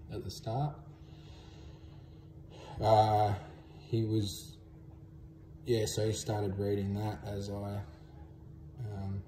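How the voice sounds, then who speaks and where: Deep, flat-voiced Australian man, laid-back. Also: reverberant, a little hiss or hum. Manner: laid-back, drawling with frequent ums. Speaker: vlogger. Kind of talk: casual recounting to camera.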